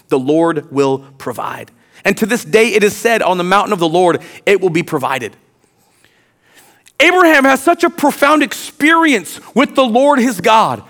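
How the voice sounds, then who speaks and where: A man preaching a sermon as pastor, reading scripture aloud and swinging from quiet, drawn-out lines to loud, emphatic ones. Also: extremely high pitch.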